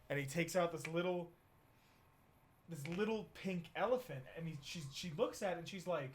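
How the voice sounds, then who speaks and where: A young man with a high voice, speaking at normal speed, chats casually while streaming a game. He jokes, teases and tells a rambling joke.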